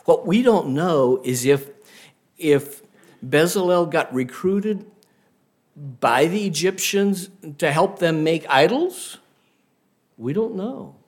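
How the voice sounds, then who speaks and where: A man preaching a sermon, telling stories in an unhurried way and asking the listeners rhetorical questions. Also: fairly high pitch, expressive.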